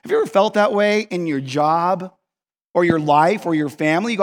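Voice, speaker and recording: Male pastor, high voice, lively self-mocking storyteller, big hall with long reverb. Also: brisk. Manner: animated, self-mocking, acts out dialogue. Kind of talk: sermon with comic storytelling.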